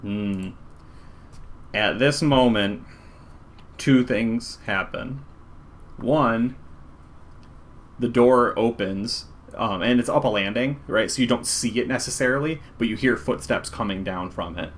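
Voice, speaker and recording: A man's voice: mid-range voice, slow, long pauses. A man narrating a tabletop game as game master in a casual, rambling way. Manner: casual, filler-heavy, conversational.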